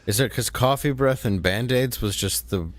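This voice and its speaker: A man joking as co-host on a comedy talk show with wry, deadpan asides. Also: medium pitch, normal speed, no room sound.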